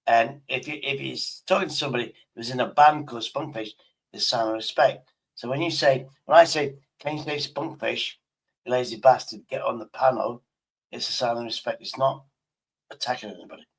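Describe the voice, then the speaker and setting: A man chats on his live stream in a blunt, rambling way and swears casually. His voice is gravelly and a little husky. He talks into a desk mic at his laptop. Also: mid-range voice, fairly even intonation, fairly quick.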